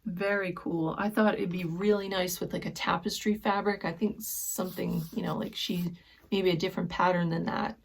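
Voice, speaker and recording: A woman vlogger chatting through a sewing haul, gushing softly and often dropping to a whisper over fabrics and books. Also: on the low side, fairly even intonation, moderate pace, creaky, breathy edge. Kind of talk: casual haul chat.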